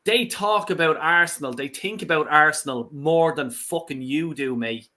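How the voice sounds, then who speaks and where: A man co-hosting a fan channel vents with indignation, stumbling over his restarts. His voice is bright and tense, sitting a little high. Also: moderate pace. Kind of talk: heated casual fan talk.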